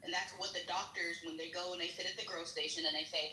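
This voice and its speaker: A young woman on a live-stream panel, telling a story in an animated, casual way with some swearing. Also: lowish voice, fast, hardly any pauses, roomy sound, slight background noise, rough recording. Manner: animated, swearing, quotes others in raised voices.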